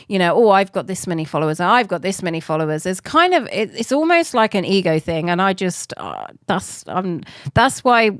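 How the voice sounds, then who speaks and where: A woman's voice: medium pitch, clean tone, no room sound, studio quality. A woman in her forties chatting casually to viewers on a live stream, rambling and laughing often. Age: 40s.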